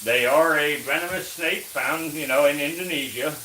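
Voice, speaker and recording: A man's voice: moderate pace, pushed and bright. Casual man murmuring to his snakes. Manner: coaxing the animals in low murmurs, then explaining to viewers. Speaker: reptile keeper streaming live. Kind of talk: casual live-stream talk while feeding snakes. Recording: roomy echo, faint background noise.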